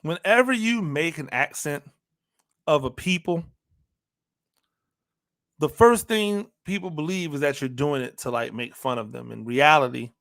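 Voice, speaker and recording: A man's voice: fairly high pitch, a little slow, gravelly, pauses often, a bit bright. A man hosting a football talk show, talking straight to listeners with emphatic repetition and rhetorical questions. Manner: emphatic, repeats phrases for emphasis; talks to listeners directly, asks rhetorical questions. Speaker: football analyst host. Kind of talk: animated sports talk monologue.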